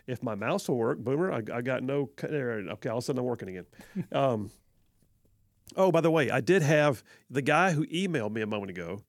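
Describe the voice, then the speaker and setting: Gravelly-voiced Southern radio host. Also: male voice, mid-range voice, animated, brisk, dry recording, clean studio sound. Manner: chatty, self-deprecating, laughs often. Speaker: radio talk show host. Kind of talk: casual call-in radio talk. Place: radio studio. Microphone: studio microphone.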